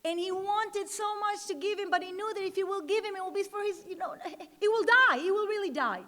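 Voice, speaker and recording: A woman's voice: very high-pitched, a little fast, fairly bright tone. A woman giving an inspirational speech at a gala, telling stories and repeating key words for emphasis. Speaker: speaker at an education gala. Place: large event hall. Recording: long hall reverb.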